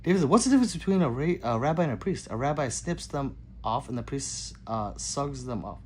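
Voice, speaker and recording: Hosting a livestream on his own gun channel, a man reads viewer comments out loud and jokes back casually. His medium-pitched, animated voice moves fairly quickly over slight background noise, shifting loosely between loud greetings and mutters.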